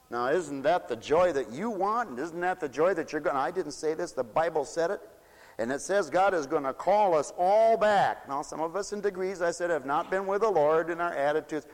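A man preaching a fiery, folksy sermon. He swoops between loud declarations and mocking asides. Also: a little high, brisk. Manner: folksy, shouting and swooping, mocks voices. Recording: long hall reverb.

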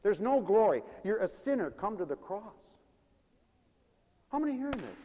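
A man preaching a sermon as pastor, swinging between quiet asides and loud, high exclamations, often laughing between points. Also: very animated, moderate pace, big-room sound, lo-fi sound.

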